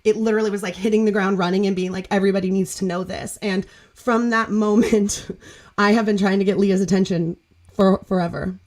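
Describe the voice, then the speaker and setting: A woman hosting a casual video call podcast, telling a story with bubbly, gushing energy. Her voice sits at an ordinary middle pitch and she laughs easily as she talks. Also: steady tone, a little fast, darkish tone. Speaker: podcast host. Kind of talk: casual group chat storytelling.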